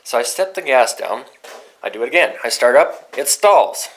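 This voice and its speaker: A man's voice: mid-range voice, moderate pace, low-quality recording. Swearing young man telling a story. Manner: rambling, profane, excitable storytelling. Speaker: vlogger. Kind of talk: casual storytelling vlog.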